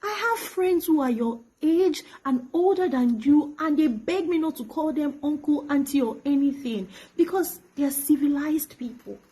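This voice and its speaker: Young Nigerian woman, high voice, emotional direct-to-camera message, accusatory with whispered asides. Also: normal speed, few pauses, warm tone, rough recording. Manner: pleading and accusatory, drops to whispers. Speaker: actress addressing her former pastor. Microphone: phone camera.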